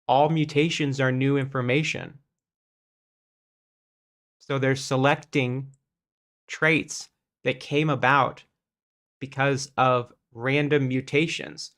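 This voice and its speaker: A man's voice: mid-range voice, sharp tone. A man hosting a casual debunking commentary in an exasperated, conversational way. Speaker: host.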